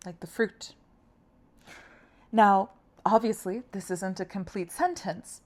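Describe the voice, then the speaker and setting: A woman's voice: mid-range voice, expressive, darkish tone. Patient woman teaching a language lesson. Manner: patient, encouraging, spells out sounds slowly. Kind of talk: friendly scripted lesson.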